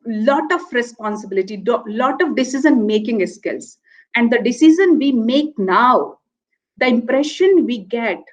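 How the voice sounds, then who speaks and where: A woman lecturer, telling a story and then explaining her point earnestly, repeating key phrases. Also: a little high. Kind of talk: motivational lecture with a told anecdote. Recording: dull lo-fi online lecture audio.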